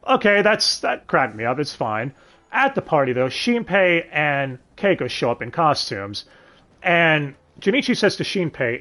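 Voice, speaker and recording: Sarcastic guy ranting about a dub, swears a lot, voice jumps up and down a bunch, kinda high. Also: very animated, moderate pace, fairly bright tone. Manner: sarcastic, swears often, sighs and asks the audience. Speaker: reviewer. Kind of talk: casual commentary.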